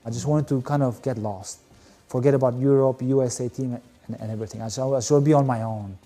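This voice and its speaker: A man's voice: mid-range voice, fairly even intonation, fast, mellow, faint music behind. A man, telling his story as a guest in an interview, candid and rambling with many fillers. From Albania. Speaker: guest, volleyball player. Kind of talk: emotional personal storytelling.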